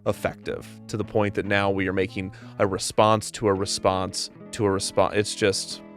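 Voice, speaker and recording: A man's voice: on the low side, little pitch movement, moderate pace, fairly bright tone, soft background music. A man hosting a comedic commentary show, ranting in an exasperated, sarcastic way.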